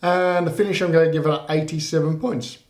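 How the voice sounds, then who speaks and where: Male reviewer, slightly high voice, relaxed and rambling, roomy echo. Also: fast talker. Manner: relaxed, rambling, many fillers. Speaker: whisky reviewer. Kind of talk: casual tasting review.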